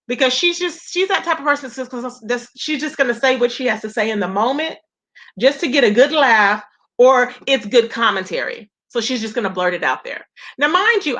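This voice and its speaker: Sassy high-voiced woman recapping gossip. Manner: sassy, animated, laughs a lot, says "okay" and "period". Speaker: YouTube commentary host.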